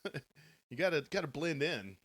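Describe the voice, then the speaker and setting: A man's voice: a little high, very animated, normal speed, fairly bright tone. A man co-hosting a podcast, joking and laughing as he tallies listener votes. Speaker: podcast co-host running the audience vote. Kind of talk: live podcast chat.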